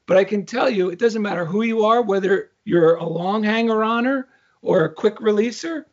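A man's voice: high voice, normal speed. A middle-aged man co-hosting a casual spiritual podcast, telling a story animatedly and acting out the dialogue. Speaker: co-host. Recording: dull lo-fi sound.

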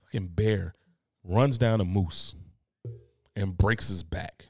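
A man's voice: low-pitched, takes it slowly, darkish tone. A man co-hosting a casual podcast chat, joking around and swearing. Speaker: podcast co-host.

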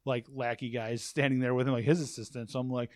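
A man's voice: medium pitch, level tone, quick pace, dry recording, clean studio sound. Rambling, profane man telling stories. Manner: rambling storyteller, swears, repeats himself. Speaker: podcast guest, warehouse manager. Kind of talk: casual chat. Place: office at a work facility.

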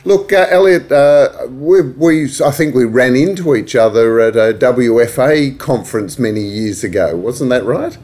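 A man's voice: medium pitch, normal speed, hardly any pauses, a little mellow. A man with an Australian accent, hosting an interview podcast, chatty and friendly, laughing easily. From Australia, grew up in Asia Pacific. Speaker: podcast host. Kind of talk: conversational interview.

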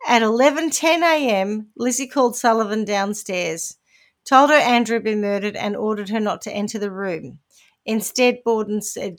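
Kiwi woman, podcast co-host, animated storyteller with a slightly high voice, wry and chatty. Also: normal speed. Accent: New Zealand. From New Zealand. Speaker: podcast co-host presenting the case. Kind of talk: casual chat.

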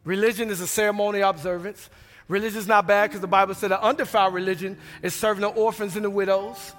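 A middle-aged pastor preaching a sermon in a church, swinging from hushed lows to loud, emphatic peaks. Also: male voice, steady tone, fast. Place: church sanctuary. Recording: reverberant hall with music behind.

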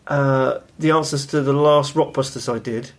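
A man hosting a podcast in casual, bantering chat with quick asides. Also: mid-range voice, fairly even intonation. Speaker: podcast host.

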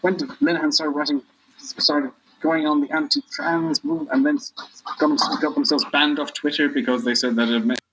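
Halting man in casual chat. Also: on the high side, fairly even intonation, background noise. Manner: halting, with many restarts and fillers. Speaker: guest.

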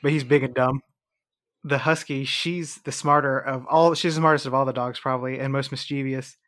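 A man's voice: medium pitch, steady tone, a little fast, a bit bright. A man chatting casually about his dogs, asking the others questions. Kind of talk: casual chat.

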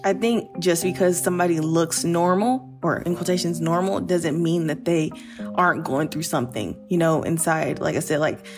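Low-voiced woman recruiter, candid. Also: normal speed, a little mellow, faint music behind. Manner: candid, reflective, many fillers. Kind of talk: casual podcast conversation.

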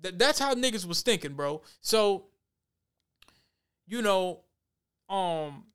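Male host, high and resonant, blunt, animated storyteller. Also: takes it slowly, smooth. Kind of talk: casual talk show chat.

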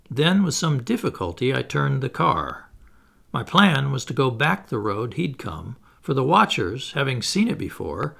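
A man reading a classic novel aloud as scripted audiobook narration, in an expressive storytelling manner. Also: vocal fry. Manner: lively, expressive reading with animated pitch. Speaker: audiobook reader.

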